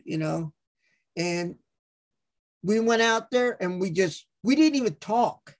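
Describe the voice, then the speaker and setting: A man's voice: high-pitched, slow pace, long pauses. A man hosting a podcast, telling stories casually with lots of profanity and acted-out quotes. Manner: profane, animated storyteller acting out quotes. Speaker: podcast host. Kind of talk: casual storytelling.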